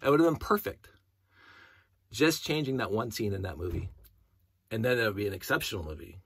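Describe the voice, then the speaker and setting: A man's voice: on the low side, lively intonation, a little fast, gravelly, fairly bright tone, slightly rough. A middle-aged man talking in a casual, rambling monologue, going off on tangents and humming to himself. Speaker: hobbyist vlogger.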